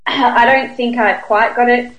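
A woman co-hosting a casual comedic chat, giggly and animated as she tells stories. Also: a little high, lo-fi sound. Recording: roomy voice recording.

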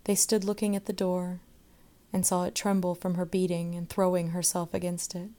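A woman narrating a short story aloud in a measured, expressive way. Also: fairly low pitch.

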